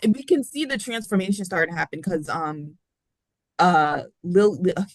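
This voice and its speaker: A woman's voice: lowish voice, moderate pace, no room sound. A woman co-hosting a podcast, talking casually and rambling, often correcting herself mid-sentence. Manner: rambling, self-correcting, animated storytelling. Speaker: podcast co-host. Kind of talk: casual pop-culture chat.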